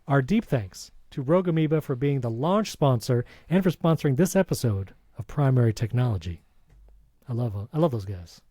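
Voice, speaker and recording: On a tech podcast, a male co-host of Hispanic background chats casually and reads a sponsor spot with enthusiasm, tossing in quick asides. His medium-pitched voice is animated and warm, captured in a dry recording.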